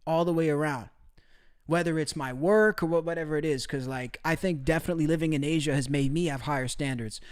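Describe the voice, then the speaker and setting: A man's voice: on the high side, brisk, smooth. A young man casually talking to his live-stream chat, laughing often, cursing and calling viewers bro. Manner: crude, laughing, brotherly slang.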